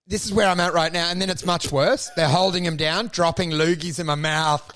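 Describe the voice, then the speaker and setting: A man co-hosting a podcast who tells absurd comic stories in an animated, sweary way, jumping into acted voices. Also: on the high side, brisk. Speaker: podcast co-host.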